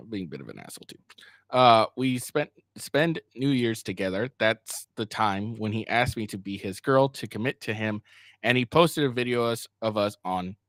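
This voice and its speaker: In studio quality with no echo, a man of Asian heritage speaks at a fairly low pitch with a fairly bright tone. Streaming live about a podcast drama, he reads messages aloud exactly and ridicules them, laughing and cursing frequently.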